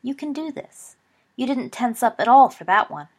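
A woman's voice: fairly high pitch, expressive, normal speed, voice pushed up. Woman voicing a patient, reassuring schoolboy wizard. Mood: encouraging. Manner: gentle, reassuring. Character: patient teenage boy wizard, encouraging friend.

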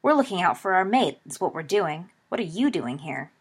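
A woman's voice: on the low side, big pitch swings, moderate pace, breathy edge, heavily acted. A woman doing a blunt, stubborn schoolboy. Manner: blunt and terse. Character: impulsive, stubborn teenage schoolboy.

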